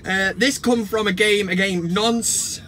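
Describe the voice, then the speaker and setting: A man hosting a comedic football vlog, ranting in a mocking, sweary, excitable way. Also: high voice, a little slow. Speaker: vlog host. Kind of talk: casual comedic football rant.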